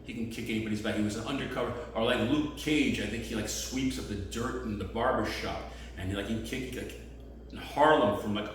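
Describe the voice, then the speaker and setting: A man rambling through a loose stand-up routine out on the street, with sudden loud bursts. He is heard from a distance, in a very echoey space with faint background noise. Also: on the low side, a little fast. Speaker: street comedian. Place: outdoors on the street.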